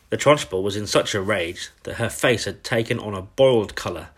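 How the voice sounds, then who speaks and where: Guy reading a kids audiobook, dramatic, low voice, kinda husky. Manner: expressive, dramatic storytelling. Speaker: narrator. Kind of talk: audiobook narration.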